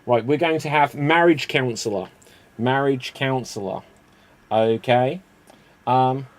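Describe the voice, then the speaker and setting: Chatty man hosting improv. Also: mid-range voice. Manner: laughs often, quick and chatty. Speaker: improv game host. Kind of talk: casual improv comedy hosting.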